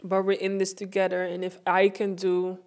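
A woman's voice: medium pitch, completely flat delivery, moderate pace, darkish tone. Earnest woman hosting a motivational podcast. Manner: earnest, heartfelt, repeats phrases for emphasis. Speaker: podcast host. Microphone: self-recorded.

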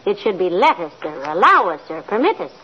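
An actress playing a patient, gently teasing wife, dry and lightly amused, in 1940s radio comedy style. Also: female voice, medium pitch, big pitch swings, brisk. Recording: muffled old radio broadcast with loud studio audience and hiss.

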